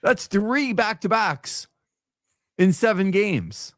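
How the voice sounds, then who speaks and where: A man co-hosting a sports show, chatting casually in an animated, jokey way and repeating phrases for effect. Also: sits high, takes it slowly, no echo, clean studio sound.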